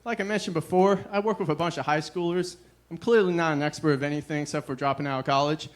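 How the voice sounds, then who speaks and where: A young man performing a stand-up comedy set, deadpan and self-deprecating, with a weary "ugh" between jokes. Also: on the high side, quick pace, a little hiss or hum.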